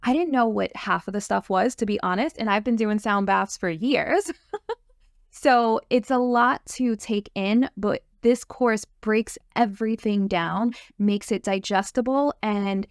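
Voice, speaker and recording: Gravelly-toned eager woman host. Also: mid-range voice, a little slow, no echo, clean studio sound. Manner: upbeat, eager, fillers and restarts. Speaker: host, sound therapy course creator. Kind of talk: enthusiastic course promo chat.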